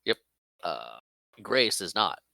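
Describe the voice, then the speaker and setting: A man co-hosting a podcast who chats casually about a movie, quick to agree, laugh and add jokey asides. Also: deep voice, sing-song, creaky, pushed and bright, no echo. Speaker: podcast co-host. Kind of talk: casual movie recap chat.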